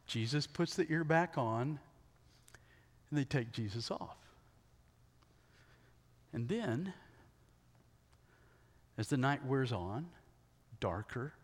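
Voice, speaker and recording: A male pastor preaching a sermon, retelling a story emphatically and checking in with the congregation with quick rhetorical questions, in a large hall. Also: medium pitch. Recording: long hall reverb.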